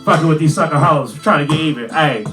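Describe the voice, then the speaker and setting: A man's voice: on the high side, quick pace, over loud music. A man from Florida, a comedian and rapper, freestyling and then telling a story in a brash, profane, streetwise way. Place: home studio.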